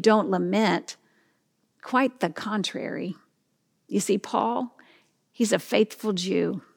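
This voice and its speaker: A woman pastor preaching a sermon in an earnest, reflective way, letting her line ends fall soft and quiet. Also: mid-range voice, creaky, big-room sound.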